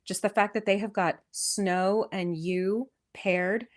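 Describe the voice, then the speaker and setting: A woman with a West Coast American accent hosting a podcast. She reads an old poem aloud, then chats about its history in a lively, enthusiastic way with frequent restarts. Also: mid-range voice, takes it slowly. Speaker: podcast host. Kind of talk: poetry reading and casual history chat. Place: lives in England.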